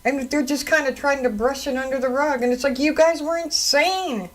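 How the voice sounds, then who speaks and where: Fairly high-voiced woman radio host. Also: moderate pace, rough recording. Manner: indignant, conversational storytelling. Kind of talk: solo radio talk commentary. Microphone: studio microphone.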